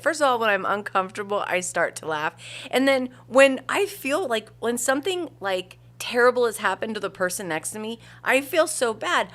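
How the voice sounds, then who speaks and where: A woman's voice: a little high, fairly bright tone. A woman about to turn fifty, co-hosting a podcast, telling a story in easy casual chat and laughing readily. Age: 40s. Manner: storytelling, laughs easily, trailing off. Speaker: podcast co-host.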